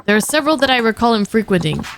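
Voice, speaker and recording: A formal, measured older politician, read aloud by a woman streamer. The voice sits fairly high for the part, and faint noise sits behind it. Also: big pitch swings. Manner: reads game subtitles aloud, formal and measured.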